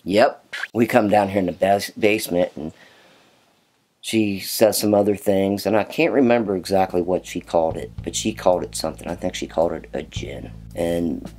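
A man's voice: deep voice, moderate pace, slight background noise. A man telling a story about his house in a documentary, acting out the voices and knocking noises he recalls. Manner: animated storyteller, acts out quoted voices and knocking sounds.

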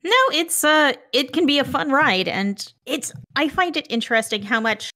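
A woman with a fairly high voice chats casually on a gaming podcast, easygoing and quick to laugh. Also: pushed and bright. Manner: chatty, laughs easily. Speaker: podcast co-host.

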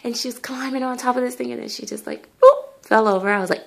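Chatty woman vlogger, rather high voice. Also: fast talker, gravelly, hardly any pauses. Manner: rambling, chatty, full of "like" and "you know". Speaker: doll collector vlogger. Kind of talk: casual chat to camera.

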